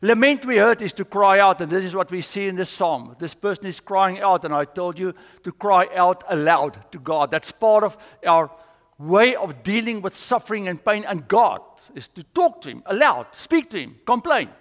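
A man's voice: sits high, lively intonation, normal speed, a bit bright. A man preaching a sermon in a church, earnest and telling stories as he teaches. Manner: earnest, storytelling. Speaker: pastor. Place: church sanctuary. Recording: long church reverb.

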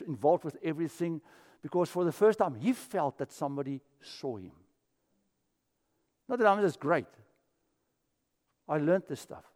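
A man's voice: sits high, darkish tone, long reverb tail. A man from Africa, preaching a sermon as pastor and telling stories. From South Africa. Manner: storytelling, acts out quoted voices.

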